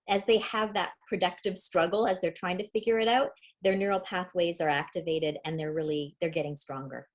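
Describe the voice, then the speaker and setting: A middle-aged woman teaching a parenting webinar on early reading, upbeat and demonstrative, explaining step by step. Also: fairly low pitch. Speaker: literacy educator.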